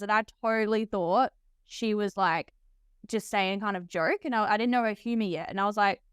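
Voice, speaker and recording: A young Australian woman hosting a podcast interview, chatty and enthusiastic, talking fast with lots of laughs in her voice. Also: medium pitch, a bit bright, clean tone, no room sound, studio quality. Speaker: podcast host, nurse. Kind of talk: casual interview chat.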